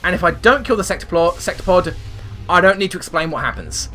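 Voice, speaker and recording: Man, high lively voice, bright and sharp, excitable gameplay commentary, faint game music behind. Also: fast. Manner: loud swearing outbursts and rambling explanations. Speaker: gaming channel host.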